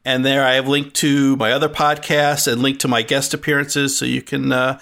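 A man's voice: mid-range voice, level tone, normal speed, gravelly, a bit bright. A man speaking as a guest on a podcast in casual chat, hesitant with many restarts.

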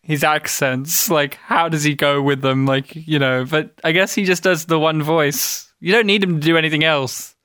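Bright, teasing man on a podcast. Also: fairly high pitch, fairly even intonation, moderate pace, few pauses, clear, resonant tone, no echo, studio quality. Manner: teasing, playful questioner. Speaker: podcast co-host. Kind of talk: casual film discussion.

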